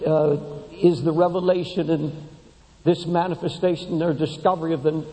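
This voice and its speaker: Preacher guy giving a sermon, high voice, mellow tone, rises to big peaks then goes low n slow, long church echo. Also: little pitch movement. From United States. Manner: repeats words when building up. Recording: long hall reverb.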